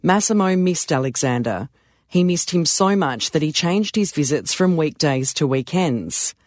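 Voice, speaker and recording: A man narrating a story in a calm, measured way. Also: on the high side, dry recording, clean studio sound.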